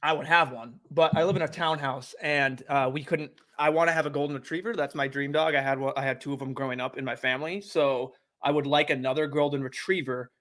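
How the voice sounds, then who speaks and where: Easygoing, slightly high-voiced young man. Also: steady tone, brisk, hardly any pauses, fairly bright tone. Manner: easygoing, rambling, chatty. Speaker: streamer and show host. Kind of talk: casual live-stream chat. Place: at home. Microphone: desk microphone.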